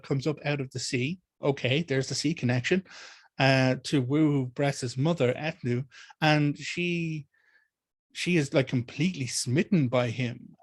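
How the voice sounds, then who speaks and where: Irish man, mid-pitched, animated Q&A explainer, dry close mic. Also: no echo. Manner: animated and discursive, with many restarts. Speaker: teacher of Irish mythology. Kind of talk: community Q&A talk.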